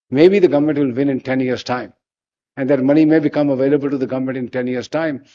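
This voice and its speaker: An older man with an Indian English accent, a business leader giving a formal conference speech in measured, emphatic short phrases from a podium. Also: mid-range voice, mellow, muffled recording. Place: large conference hall.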